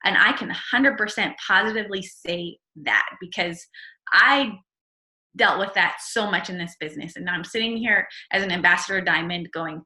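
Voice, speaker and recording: A woman's voice: mid-range voice, moderate pace, bright, forceful tone, echoey room. A woman giving an earnest, encouraging mindset talk on a video call, repeating her key phrases. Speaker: network marketing leader.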